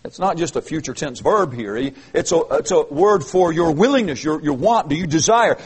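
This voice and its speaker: A man's voice: fairly high pitch, expressive, normal speed, few pauses, slightly rough, low-quality recording. A man preaching an expository sermon, reading verses aloud and explaining them earnestly with emphatic, repeated phrases. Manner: earnest, emphatic, with frequent restarts. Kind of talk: expository Bible teaching.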